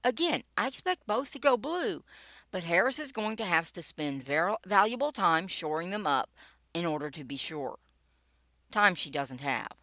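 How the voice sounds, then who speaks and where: An older woman with a fairly low voice reads her own political blog post, dropping wry, sarcastic asides along the way. Her pitch swings widely from line to line, and the recording is close and dry, with no room sound. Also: sing-song, moderate pace, pushed and bright, no echo. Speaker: political blogger and podcaster.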